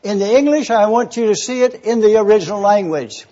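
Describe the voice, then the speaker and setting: A man's voice: high-pitched, brisk, warm tone, highs cut off. A man preaching a sermon, eagerly teaching word meanings and spelling terms out letter by letter. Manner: enthusiastic teaching.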